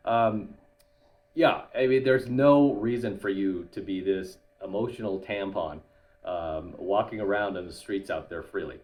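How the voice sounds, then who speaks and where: A man's voice: fairly low pitch, a little slow. A man and YouTuber coach talking bluntly in a casual monologue to camera, tagging his points with "right?". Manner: blunt, tags lines with "right?".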